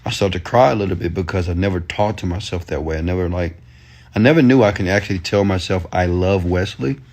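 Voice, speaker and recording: A man's voice: deep voice, fast, darkish tone. A man giving a motivational rant in loose, slangy talk, pressing his audience with repeated commands. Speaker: entrepreneur and motivational speaker.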